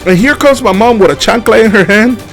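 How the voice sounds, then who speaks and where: A man from the Dominican Republic telling a comedic childhood story, animated and laughing often with casual fillers. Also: high voice, fairly quick, creaky, faint music behind.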